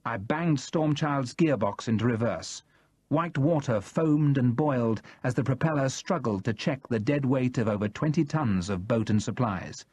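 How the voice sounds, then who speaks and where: A man narrating a novel in the first person, in a measured and expressive manner. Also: mid-range voice, husky, no echo. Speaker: audiobook narrator.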